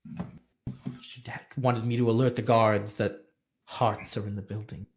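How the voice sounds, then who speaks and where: A man plays a weary, devoted maester who speaks quietly. He sounds worn down and sad in this tabletop role-play. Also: on the low side, flat delivery, moderate pace, voice pushed down, natural voice. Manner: quiet and tired.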